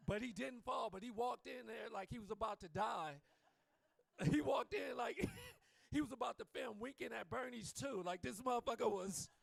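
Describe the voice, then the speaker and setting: Gravelly high-voiced man doing stand-up. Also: moderate pace, dry recording. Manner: profane, loose, teasing the crowd. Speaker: stand-up comedian. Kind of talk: live stand-up set. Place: comedy club stage.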